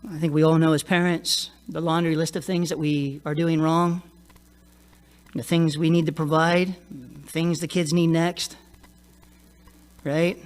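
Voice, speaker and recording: A man's voice: fairly high pitch, little pitch movement, unhurried, long pauses. A middle-aged male pastor preaching a sermon in a conversational way, often checking in with the congregation. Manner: conversational, laughs often, frequent "right?" tag.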